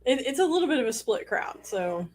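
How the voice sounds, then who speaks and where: A woman's voice: high voice, very animated, a little fast. A woman co-hosting a casual live stream, reading out trivia questions and teasing her partner. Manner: playful, teasing, laughs often.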